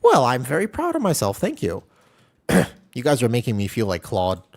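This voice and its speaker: A man's voice: medium pitch, wildly swooping pitch, normal speed, creaky. A man streaming a game, chatting casually and rambling while answering his chat.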